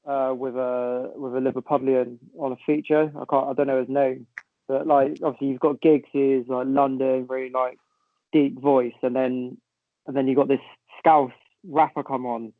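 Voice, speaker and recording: A man's voice: medium pitch, level tone, normal speed, dry recording. A man co-hosting a podcast, chatting hesitantly and trailing off as he talks. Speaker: podcast co-host. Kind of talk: casual podcast chat. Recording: tinny dry phone-like line.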